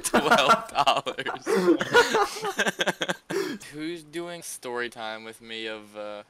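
A man's voice: mid-range voice, animated, extremely slow, crowd noise. A man trading wisecracks with friends on a busy gaming voice call. His tone moves around a lot, and other voices cut in around him. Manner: wisecracking, laughing. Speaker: gamer chatting with friends. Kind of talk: casual voice chat while gaming.

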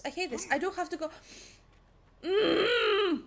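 Very high-pitched and slow, with vocal fry, this young gaming streamer chats casually over her let's-play, bouncing between thoughts and poking fun at herself.

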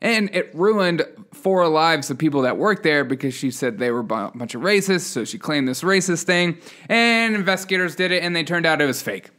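A podcast host reads news headlines on his casual show, tossing in sarcastic, chuckling asides in a loose, unscripted style full of fillers. His voice is on the high side and a bit bright, with lively intonation and a moderate pace.

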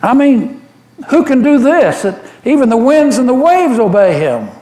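Guy doing peter the fisherman, earnest and devoted, high lively voice, takes it slow, echoey church. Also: full character voice. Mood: awed. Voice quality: earnest, animated storyteller with frequent restarts. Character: apostle Peter, a rough, devoted fisherman retelling his memories. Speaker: church member giving a dramatic monologue. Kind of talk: first-person dramatic monologue in a worship service. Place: church sanctuary. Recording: roomy church echo.

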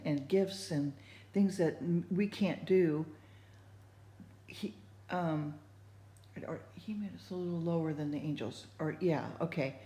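A woman's voice: on the low side, warm tone. A woman sharing her faith thoughts in casual, rambling talk, full of fillers and restarts. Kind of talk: casual spoken reflection. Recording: echoey room.

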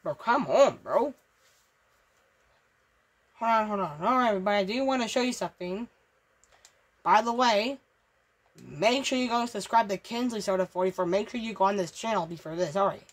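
A woman's voice: mid-range voice, normal speed, pauses often. A woman hosting a gaming channel, talking casually over gameplay, stammering and repeating herself, swearing and easily riled. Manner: stammering, repetitive, profane, excitable.

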